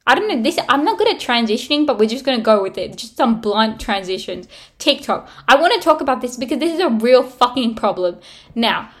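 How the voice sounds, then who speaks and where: A woman's voice: a little high, very animated, a little fast, fairly bright tone. A young woman hosting her own podcast, ranting bluntly in a casual, sweary way full of "like". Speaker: podcast host. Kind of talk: casual solo podcast rant.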